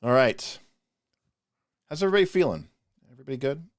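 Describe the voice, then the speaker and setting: A man co-hosting a live stream, ranting passionately in a casual, animated way with frequent restarts. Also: medium pitch, brisk, no echo, studio quality. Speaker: podcast co-host reviewing game spells.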